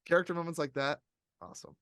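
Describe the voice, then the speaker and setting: A man hosting a podcast, chatting casually and reviewing a movie in a rambling, animated way, often laughing. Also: a little high, fast talker, smooth, no room sound, clean studio sound. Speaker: podcast host.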